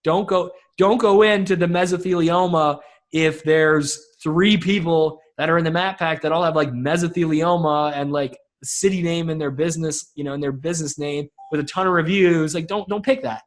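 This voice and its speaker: A man talking casually as a webinar guest, fast and informal, with lots of restarts and fillers. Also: a little high, fairly even intonation.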